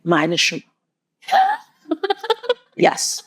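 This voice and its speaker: A woman's voice: very high-pitched, wildly swooping pitch. A woman hosting a casual interview show, reacting with frequent "wow"s and relating the guest's points to her own daily life. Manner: reacts with frequent exclamations of "wow" and quick laughs. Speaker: interview host.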